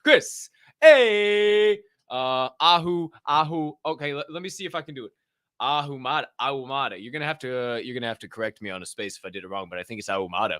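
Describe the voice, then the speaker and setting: A man hosting a casual livestream, excitedly and profanely greeting people in the chat by name. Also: mid-range voice, fast, clear, resonant tone, no room sound, studio quality. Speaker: livestream show host.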